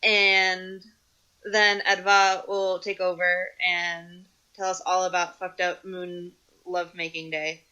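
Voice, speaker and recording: A woman's voice: lowish voice, little pitch movement, slow, bright, forceful tone, smooth. A woman from the United States co-hosting a podcast in casual chat, with a wry, teasing manner as she steers the talk. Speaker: podcast co-host.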